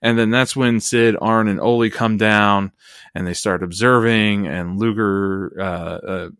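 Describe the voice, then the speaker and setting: Laid-back man with a low voice. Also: fairly even intonation, measured pace, a bit bright, clear, resonant tone, no room sound, studio quality. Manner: laid-back, laughs often, rambling asides. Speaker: podcast co-host. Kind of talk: casual wrestling recap chat.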